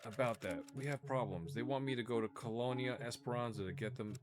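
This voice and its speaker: A man voicing a calm, matter-of-fact young woman heroine. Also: medium pitch, quick pace, over loud music, natural voice.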